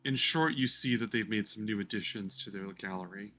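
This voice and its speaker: A man narrating as game master for a tabletop game, hesitant with many pauses. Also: on the low side, pushed and bright. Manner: hesitant, many ums, descriptive.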